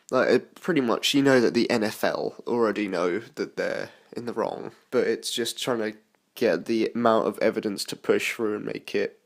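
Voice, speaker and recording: A young man from the United Kingdom talks through a film review in a loose, unscripted way. His voice sits a little low, and he rambles, stopping and restarting his sentences often. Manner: rambling, frequent fillers and restarts. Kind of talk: casual spoken film review.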